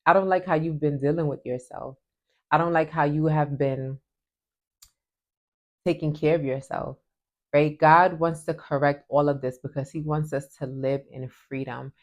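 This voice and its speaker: A woman's voice: low voice, fairly even intonation, moderate pace. A woman giving a heartfelt devotional talk, earnest and emotional, often saying "like" as she goes. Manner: earnest and emotional, many "like" fillers. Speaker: Christian devotional vlogger.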